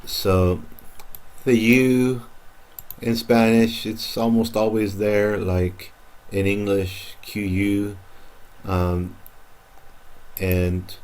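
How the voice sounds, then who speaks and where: A man with a very low voice gives a pronunciation lesson at an unhurried pace. He is patient and repeats each word several times so learners can copy it. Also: a little mellow. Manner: patient, repeats words slowly for practice. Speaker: Spanish pronunciation teacher.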